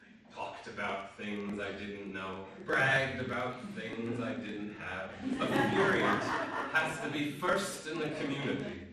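Male actor as a fond, boastful old charmer; low-pitched, heard from afar on stage. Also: lively intonation, takes it slowly, a loud crowd. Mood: fond, teasing. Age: older. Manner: teasing, chuckling, fond. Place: theater stage. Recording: echoey stage from far off.

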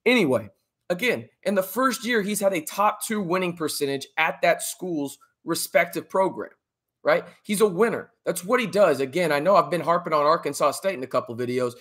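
A man hosting a sports podcast, talking emphatically to his live chat with a slightly high voice. He keeps asking "right?" to drive his points home. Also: expressive, brisk, a bit bright. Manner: emphatic, often adds "right?". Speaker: podcast host. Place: home studio with a dog in the background.

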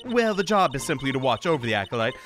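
A man's voice: medium pitch, very animated, fast talker, faint music behind, lightly acted. A man voicing a chirpy elderly female nun who fusses sweetly about her aching back. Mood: sweetly chatty. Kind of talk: reading game dialogue aloud.

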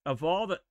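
Animated high-voiced man streaming games. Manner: animated, exclaiming and joking at the game. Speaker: streamer playing retro games. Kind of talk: casual live-stream commentary.

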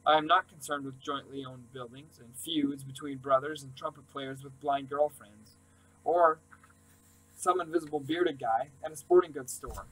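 A man reading a first-person novel aloud in an earnest, steady way. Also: medium pitch, moderate pace, poor audio. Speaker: audiobook reader. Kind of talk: scripted narration.

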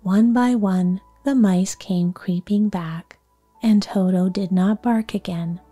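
Woman narrating a whispered bedtime story reading, soothing and hushed, very slow, dark mellow tone, faint music beneath. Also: mid-range voice, steady tone.

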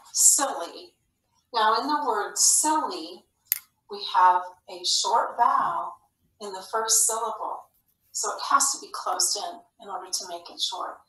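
A woman teaching a phonics lesson to young children, speaking slowly and clearly with an encouraging classroom manner. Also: mid-range voice, sharp tone. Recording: echoey room, slightly far from mic.

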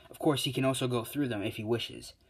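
A man casually retelling a fan story at a medium pitch. He stumbles along, full of fillers and self-corrections. He keeps doubling back as he goes. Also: fairly even intonation, quick pace, husky.

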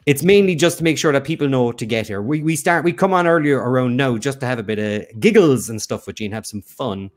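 A man's voice: mid-range voice, fast talker, few pauses. A man co-hosting a live quiz stream, chatting casually and teasing his partner, often restarting his sentences. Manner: teasing, rambling, many restarts. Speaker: quiz show co-host.

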